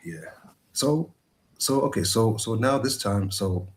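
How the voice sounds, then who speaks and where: A man telling his personal story as a guest over a video call, earnest and halting, with many restarts. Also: medium pitch, animated. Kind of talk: personal testimony.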